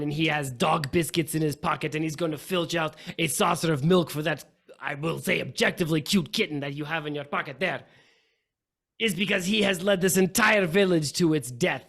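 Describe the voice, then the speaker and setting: A man's voice: a little high, creaky, a bit bright. A man playing a bitter village brute. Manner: grim and scornful. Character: hulking, bitter, doom-saying village brute.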